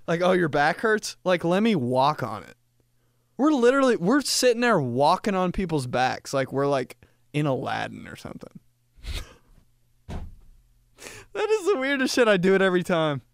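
A young man hosting a podcast, riffing through a casual comedic monologue, laughing often and jumping into high put-on voices when he quotes people. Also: sing-song, moderate pace, gravelly, pauses often, no echo, clean studio sound. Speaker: podcast host.

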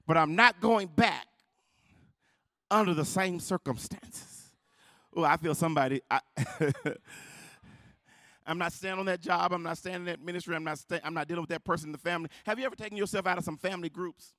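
A man preaching a sermon as pastor. He swings between loud, sung, shouted passages and hushed, intimate stretches, and calls out to the congregation. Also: fast talker, no echo, clean studio sound. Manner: rising into shouted, sung preaching with call-and-response; drops to a low, intimate delivery.

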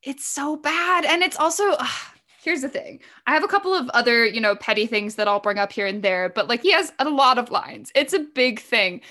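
A woman's voice: fairly high pitch, lively intonation, fairly quick, sharp tone. A woman guesting on a podcast, chatting casually and enthusiastically about a movie.

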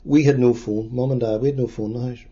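A man in his sixties with a Derry accent, recalling past events in a halting, plain-spoken way during an oral history interview. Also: medium pitch, fairly even intonation, dark tone. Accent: Northern Irish, Derry. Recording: dull lo-fi recording.

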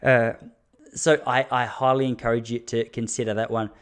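A man's voice: medium pitch, little pitch movement, normal speed, clean tone. A man, a running coach talking frankly to his listeners in a casual solo podcast, with fillers and restarts. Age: 30s.

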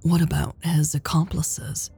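A guarded, tense woman speaks in a low, husky hush, weary and clipped, voiced by a woman reading an audiobook. The voice is dark and gravelly, drawn out slowly. The sound is close and dry. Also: little pitch movement, dry recording, soft background music, full character voice.

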